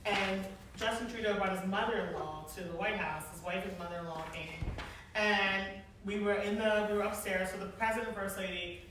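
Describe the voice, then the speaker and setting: A woman in her forties telling stories to an audience in a casual, animated way, laughing often and using many fillers. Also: medium pitch. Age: 40s. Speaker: guest speaker, former event planner. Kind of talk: casual storytelling talk to an audience. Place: large echoey hall. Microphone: far from the mic. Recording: echoey hall, distant mic, faint noise.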